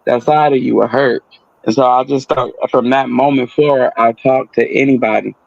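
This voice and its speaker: A man telling a personal story in casual talk, animated, acting out the voices of the people in it. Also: mid-range voice, moderate pace, creaky, no room sound, highs cut off.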